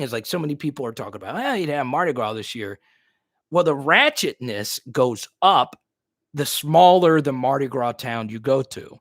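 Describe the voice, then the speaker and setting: A man's voice: medium pitch, no room sound, clean studio sound. A man hosting a casual live stream. He laughs often and repeats himself as he talks. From New Roads, Louisiana.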